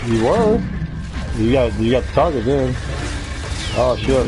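A man from Norway on a gaming live stream, calmly calling out targets and chuckling often. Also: mid-range voice, a little slow, over music. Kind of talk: casual gaming callouts.

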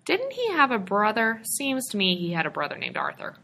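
A woman's voice: mid-range voice, wildly swooping pitch, gravelly, bright, forceful tone, a little hiss or hum, pitched above the performer's own voice, heavily acted. A woman reading as an anxious young man. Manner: breathless, halting.

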